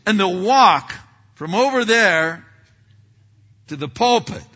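A man preaching, a pastor telling a story in a self-deprecating, animated way with many restarts, recorded in a church sanctuary. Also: high-pitched, takes it slowly. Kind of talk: sermon storytelling. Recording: dull hall reverb, lo-fi.

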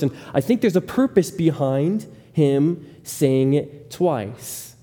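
A man's voice: on the high side, expressive, measured pace, hardly any pauses, dark tone. A man preaching a sermon as a pastor, speaking earnestly and often repeating words as he starts a thought. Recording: long hall reverb.

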